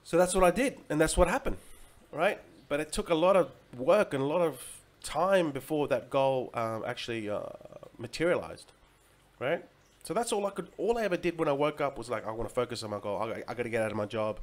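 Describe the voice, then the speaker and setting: A man hosting his own livestream, delivering a motivational monologue with emphatic repetition and frequent "right?" checks. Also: mid-range voice. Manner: swings between loud peaks and quiet drops. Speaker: crypto livestream host.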